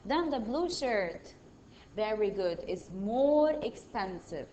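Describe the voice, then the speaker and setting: A woman's voice: medium pitch, animated, takes it slowly, mellow, slight background noise, poor audio. A woman teaching a primary school English lesson, patiently reading out exercises and praising each answer. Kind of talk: online grammar lesson.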